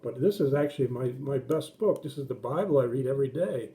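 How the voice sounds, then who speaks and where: A middle-aged man tells a story to kids in a church message. His voice is soft and mellow, and he keeps the words plain and gentle. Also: medium pitch, lively intonation, fast talker, hardly any pauses. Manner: gentle, simple explanations for kids, acts out voices. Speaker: children's pastor. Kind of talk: children's sermon storytelling.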